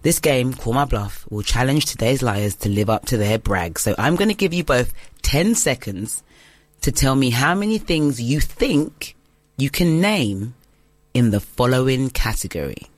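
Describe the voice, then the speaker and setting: Woman quiz host, casual game-show chat, giggly and self-deprecating, lively pitch, very dry close sound. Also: measured pace, no room sound.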